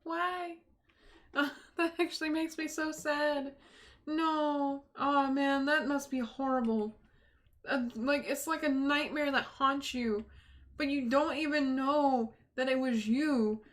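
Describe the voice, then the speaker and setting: A woman's voice: sits high, steady tone, takes it slowly. A young woman casually commenting on a story game with emotional, giggly reactions. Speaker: gaming channel host.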